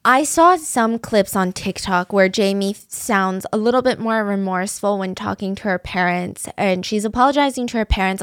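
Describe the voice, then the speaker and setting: A woman's voice: medium pitch, no echo, studio quality. A woman hosting true-crime commentary, opinionated and exasperated. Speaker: commentary host.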